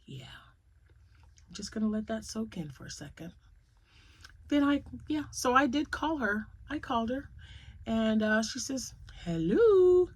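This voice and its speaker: A woman's voice: fairly high pitch, lively intonation, a little slow, pauses often, breathy edge. Chatty, rambling grandmother vlogger. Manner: rambling, storytelling, laughs often. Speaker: crochet vlogger. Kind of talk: casual chatty vlog.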